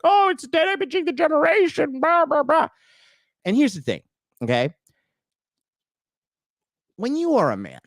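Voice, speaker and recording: Brief: young adult man podcast host, profane mocking rant, very lively pitch, dry close sound. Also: no echo. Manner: crude, profane and mocking, with lots of filler; mocks critics in a high whiny put-on voice.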